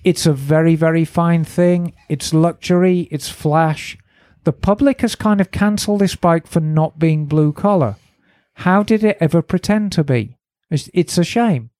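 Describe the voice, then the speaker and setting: A woman's voice: on the low side, measured pace, mellow, dry recording. A woman co-hosting a casual motorcycle podcast, reading a listener's email aloud with dry asides. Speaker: podcast co-host. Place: garage studio.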